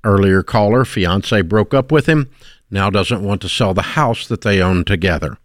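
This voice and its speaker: A man's voice: on the low side, normal speed, no echo, clean studio sound. A middle-aged man hosting a call-in radio show, blunt and emphatic as he lectures listeners about money mistakes. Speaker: radio talk show host.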